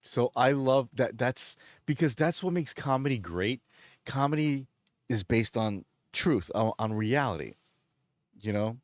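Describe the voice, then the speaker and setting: Male streamer, mid pitch, loose rambling chat with viewers, quick to laugh. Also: expressive, no room sound. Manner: rambling, chuckles often, retells jokes. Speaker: live streamer reading chat. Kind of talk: casual late-night stream chat.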